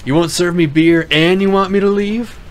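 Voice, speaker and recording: A man's voice: sits high, fairly even intonation, moderate pace, voice pushed up, natural voice. A man voicing a pushy, demanding male brown bear in a told joke, with music behind. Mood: indignant. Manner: insistent, formal, repeats his demand.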